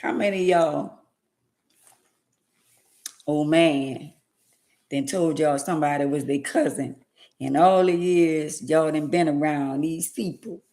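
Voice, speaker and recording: A woman, talking sassily to her live audience in an animated, preachy monologue. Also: deep voice. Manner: sassy, preachy, drawn-out exclamations and laughs.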